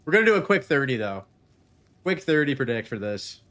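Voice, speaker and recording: Lively joking male game streamer. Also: mid-range voice, brisk. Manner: jokey, laughs often, reads chat aloud. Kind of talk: casual live-stream chat.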